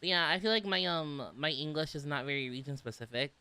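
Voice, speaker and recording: A man's voice: on the high side, fairly quick, sharp tone, clear, resonant tone, no room sound. A young man from the southern United States with an American accent, chatting casually on a livestream, giggly and full of "like"s. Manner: giggly, chatty, filler-heavy with many "like"s. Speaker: vtuber streamer. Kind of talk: casual livestream chat reading comments.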